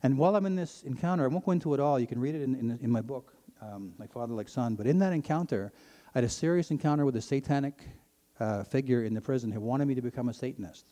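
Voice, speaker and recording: A middle-aged man from Ontario, earnestly telling his personal faith testimony to an audience, his voice climbing when he gets excited. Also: mid-range voice, quick pace. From Ontario, Canada. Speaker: speaker sharing his testimony. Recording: long hall reverb.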